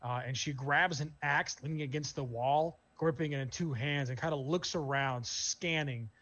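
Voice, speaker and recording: A man narrating as game master in a tabletop role-playing game, describing scenes in a relaxed way with many fillers. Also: fairly high pitch, moderate pace, highs cut off.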